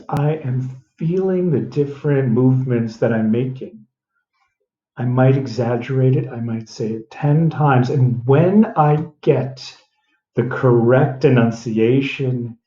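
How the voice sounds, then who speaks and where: A man teaching a diction lesson, sounding out words slowly and deliberately, repeating them as he goes. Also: medium pitch, warm tone. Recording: roomy, dull lo-fi sound.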